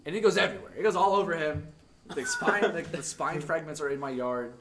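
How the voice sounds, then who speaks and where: A man's voice: fairly high pitch, expressive, brisk. A young man telling a story on a podcast in casual chat, rambling with lots of filler words and laughing through it. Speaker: podcast co-host. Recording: distant mic with loud crowd noise.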